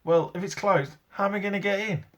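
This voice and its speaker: A man voicing a brave, eager young schoolboy in a read-aloud story, talking in a raised, excited voice. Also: sits high, fairly quick, voice pushed up.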